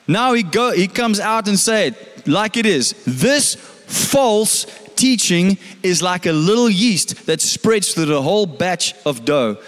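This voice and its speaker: A man's voice: sits high, in a large hall. A male pastor preaching a sermon in a conversational way, often putting questions to the congregation.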